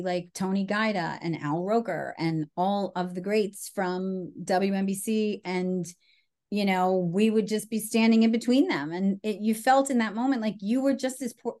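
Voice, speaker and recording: A woman guest tells a story in a relaxed interview, chatty and quick to laugh. Her voice sits at a medium pitch and she keeps a casual, conversational flow. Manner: chatty, warm storyteller who laughs often. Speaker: guest, former TV promotion staffer.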